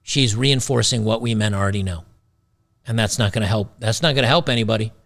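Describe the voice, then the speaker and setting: A man's voice: lowish voice, fast, gravelly, a bit bright. A man hosting a talk show, giving blunt, sarcastic, rambling commentary on a video clip. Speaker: show host.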